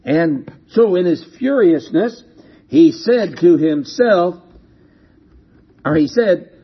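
A man preaching a sermon, telling a story slowly and asking rhetorical questions, heard on a dull lo-fi recording. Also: sits high, expressive, slightly rough.

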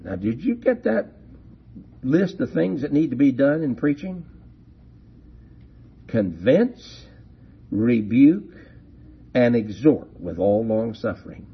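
A man preaching a sermon, slow and deliberate, leaning hard on key words. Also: mid-range voice, big pitch swings, gravelly, breathy edge. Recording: dull lo-fi recording.

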